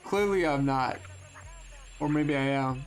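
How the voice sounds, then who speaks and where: A young man live streaming a game, chatting casually in an earnest, halting way with lots of restarts and fillers at a desk microphone. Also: mid-range voice.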